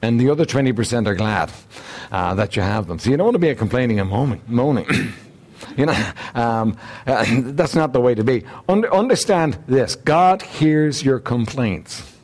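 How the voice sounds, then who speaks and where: A man preaching a sermon, emphatic and repetitive, often clearing his throat and asking rhetorical questions. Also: medium pitch, lively intonation, moderate pace, a little mellow. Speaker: pastor.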